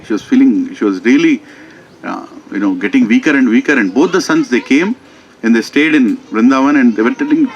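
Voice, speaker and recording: A man with an Indian English accent telling a story in a conversational sermon at a temple, animated and full of "you know" fillers. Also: medium pitch, brisk, muffled recording, a little hiss or hum. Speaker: preacher.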